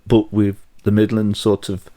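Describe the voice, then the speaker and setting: A man's voice: lowish voice, monotone, dark tone. Middle-aged Telford man telling stories. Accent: Telford English. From Telford, England. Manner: measured, anecdotal, hesitant. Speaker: podcast guest. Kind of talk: conversational storytelling.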